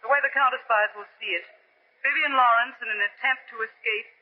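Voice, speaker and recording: An actress playing a cunning female spy in disguise, crisp and coolly commanding, in 1940s radio acting. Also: fairly high pitch, a little fast, lightly acted. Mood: cold, menacing. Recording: muffled old radio recording.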